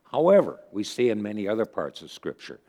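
A man giving a conversational sermon, retelling stories earnestly with pauses as he thinks. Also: on the low side, big pitch swings, a little mellow. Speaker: preacher.

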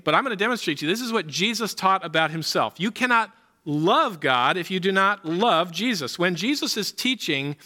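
A man with a high, bright voice preaches a sermon as pastor. He talks emphatically, drives home his main points by repeating them, and leans on rhetorical questions.

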